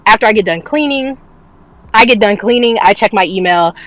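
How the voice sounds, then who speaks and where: A woman's voice: medium pitch, animated, brisk, a bit bright, slight background noise, low-quality recording. A woman co-hosting a casual streamed talk show, telling a personal story candidly, swearing freely and laughing often. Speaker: podcast co-host. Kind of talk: casual chat.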